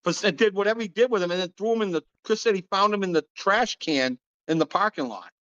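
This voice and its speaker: Podcast host, male, lively storyteller, slightly high voice, dull lo-fi sound. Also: quick pace, smooth. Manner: animated storyteller, acts out quotes in a higher voice, laughs often. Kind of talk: casual storytelling chat.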